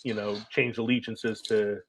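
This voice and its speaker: A man's voice: on the low side, level tone, normal speed, background noise. A man co-hosting a casual film podcast, laughing often and chatting loosely. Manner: laughs often, puts on quoted voices. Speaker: podcast co-host. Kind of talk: casual chat.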